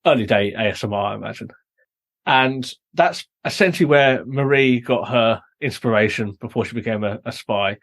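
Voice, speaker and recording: British male podcast host, middle pitch, explanatory and chatty. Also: normal speed. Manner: explanatory, recapping plot at length. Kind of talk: casual review chat.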